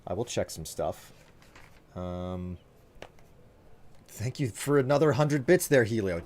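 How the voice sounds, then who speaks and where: A man's voice: lowish voice, expressive, takes it slowly, pauses often, darkish tone, a little hiss or hum. A man streaming live, chatting casually and teasing his viewers while thanking them by name.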